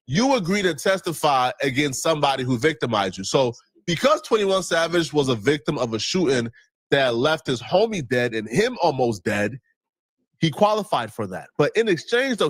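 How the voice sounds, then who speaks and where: A man giving explanatory commentary, laying out his points deliberately and step by step. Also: on the high side, slightly rough, no room sound.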